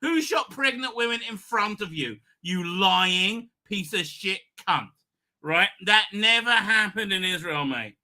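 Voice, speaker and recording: Ranting man, bright voice. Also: high voice. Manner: ranting, profane, heated. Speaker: host. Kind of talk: livestream commentary.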